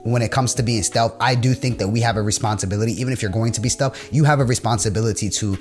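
A man's voice: lowish voice, fast talker, faint music behind. A man telling a personal story in casual chat, rambling with lots of filler words and blunt, profane talk.

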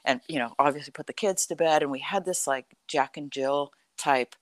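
A middle-aged woman telling a personal story in a conversation, animated and full of "like" and "you know". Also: low voice, normal speed, no room sound. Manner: animated, acts out quoted dialogue, frequent "like" and "you know".

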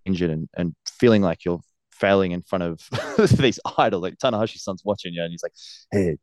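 Deep-voiced wrestler. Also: male voice, a little fast, a little mellow, no echo. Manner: earnest, laughs often. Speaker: professional wrestler, guest. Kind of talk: casual interview.

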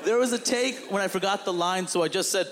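Animated stand-up comedian in a reverberant hall. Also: male voice, high-pitched, fairly quick, heavy background noise. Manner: animated, exasperated, acts out quotes. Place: live comedy stage. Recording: long hall reverb with audible room ambience. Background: audience laughter.

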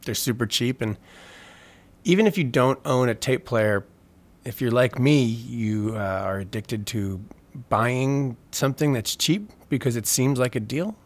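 An electronic musician chats casually as an interview guest, his mid-range voice unhurried. He rambles with lots of fillers and self-deprecating humor.

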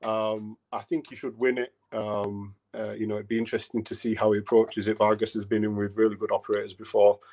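A man in his late thirties co-hosts a podcast, chatting casually about boxing with plenty of ums and restarted sentences. His lowish voice is flat and a little mellow, and he talks briskly with few pauses.

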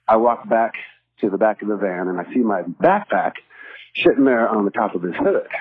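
A man tells a story in a loose, conversational way, and his pitch jumps around as he acts out the cop's lines. His voice has a slight husk to it. The audio sounds a bit dull, with faint music playing underneath. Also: big pitch swings, moderate pace, vocal fry, slightly rough. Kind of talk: casual anecdote telling.

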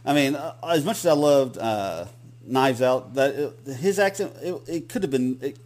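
A man's voice: medium pitch, expressive, normal speed, a little mellow. A man with a Southern accent, co-hosting a podcast in casual, rambling chat with many restarts. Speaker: podcast co-host.

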